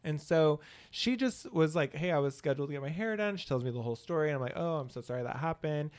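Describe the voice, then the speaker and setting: This man has a voice that sits somewhat high for a man. He hosts a relaxed podcast conversation and retells moments with lively, acted-out lines of dialogue. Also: quick pace. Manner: animated storyteller who acts out quotes. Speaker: podcast co-host and hairstylist. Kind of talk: casual chat.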